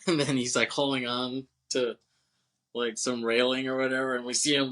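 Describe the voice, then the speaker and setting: A man with a bright, forward voice chats casually on a movie podcast. He laughs often, swears freely and acts out bits of the film as he retells it. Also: medium pitch, level tone, normal speed, long pauses. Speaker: podcast co-host.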